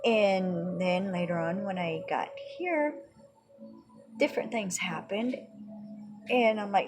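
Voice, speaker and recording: A woman's voice: medium pitch, takes it slowly, pauses often, soft background music. A woman giving an earnest religious teaching, retelling her own prayers and quoted conversations as testimony.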